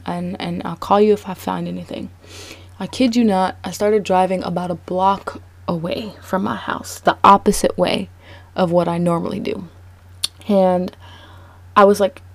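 A young woman telling a personal story in a casual, animated way, full of "like" and sudden high-pitched outbursts. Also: no room sound. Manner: animated, frequent "like", voice jumps high when excited.

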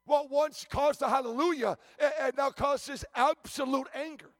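A man's voice: extremely high pitch, fairly even intonation, moderate pace, no room sound, studio quality. A man preaching a sermon as a visiting preacher, telling stories emphatically with frequent restarts and stammers.

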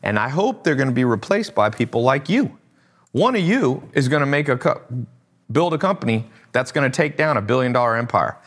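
A man's voice: mid-range voice, very animated, a little fast. A man hosting a casual livestream as an e-commerce coach, talking bluntly and with lots of animation, swearing now and then and laughing at his own jokes.

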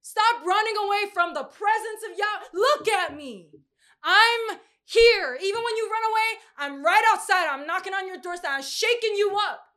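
A woman's voice: very high voice, moderate pace, bright, forceful tone, pitched above the performer's own voice. A woman voicing God pleading with someone who runs away from him, speaking urgently and with emphasis. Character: God pleading with a runaway person.

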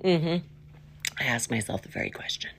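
Playful rambling woman with lively pitch. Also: moderate pace, breathy edge. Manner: scattered and playful, slipping into silly voices and whispers. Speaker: vlogger. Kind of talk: rambling faith vlog.

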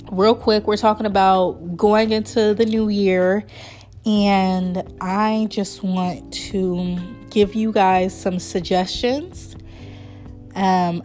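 A woman in her early thirties hosts her own podcast, rambling warmly between topics and breaking into laughter. Her voice sits at an ordinary pitch for a woman, with faint music underneath. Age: 30s. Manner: chatty, rambling, laughs often, emotional and sincere. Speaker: podcast host. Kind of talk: casual solo podcast chat.

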